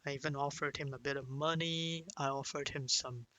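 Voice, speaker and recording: A young man recounting a painful personal story, speaking hesitantly with many restarts and pauses. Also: medium pitch, steady tone, sharp tone, rough recording. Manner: hesitant, full of restarts and "you know"; sighs and breaks down into whispers at emotional moments. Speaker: vlogger.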